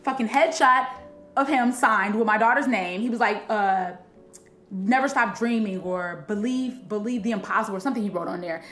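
A woman comedian from Illinois, telling a story in animated, profane casual chat. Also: mid-range voice, brisk, echoey room. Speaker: comedian guest.

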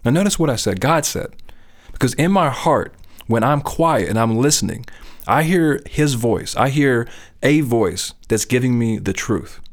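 A man's voice: medium pitch, animated, a little slow. A middle-aged man speaking about faith in an earnest, conversational way. He keeps checking in with his listener as he talks. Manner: earnest, conversational, often asks "you know what I'm saying?". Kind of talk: casual faith talk.

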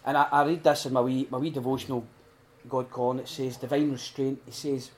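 A middle-aged man giving an earnest, heartfelt talk at a recovery retreat. He swings between loud emphasis and hushed, prayerful quiet. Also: mid-range voice, flat delivery, a little fast, a little hiss or hum. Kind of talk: informal sermon talk.

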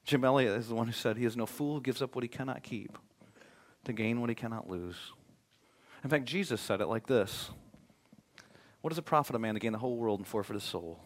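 A male pastor preaching a sermon in a conversational, joking way, swinging between emphatic loud points and quiet, hushed ones. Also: mid-range voice, fairly quick, long pauses.

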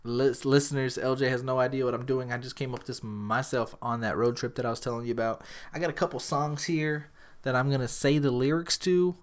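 A man's voice: medium pitch, fairly quick. A young man hosting a podcast, telling a story casually, swearing and acting out the quotes. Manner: profane, animated, acts out quotes. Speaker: podcast host.

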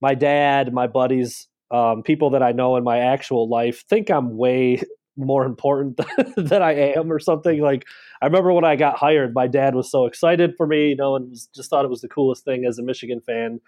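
A man speaking as a podcast guest in casual chat, modest and self-deprecating, with halting restarts. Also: mid-range voice, a little mellow.

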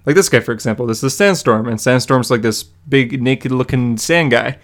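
A man's voice: mid-range voice, brisk. A man hosting a comic book podcast, recapping an issue in an enthusiastic, rambling way, close to his mic. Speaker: podcast host. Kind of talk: casual chat recapping a comic.

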